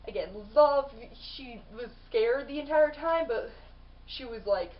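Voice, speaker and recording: A woman's voice: a little high, moderate pace, distant mic, highs cut off. Bubbly young woman vlogging about books. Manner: bubbly, lots of "like" and restarts. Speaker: book vlogger. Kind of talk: casual book review vlog.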